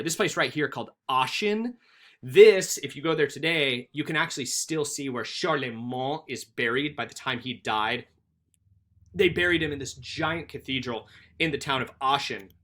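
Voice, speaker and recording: A male teacher delivers a recorded history lesson at a moderate pace in a medium-pitched voice. He tells stories animatedly and acts out the quotes.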